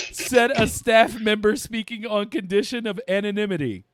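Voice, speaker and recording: A man's voice: sits high, a little slow, few pauses, dry recording, studio quality. A man co-hosting a casual podcast, swearing freely and cracking up with laughter as he reads a quote aloud. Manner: keeps breaking into helpless laughter while reading. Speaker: podcast co-host.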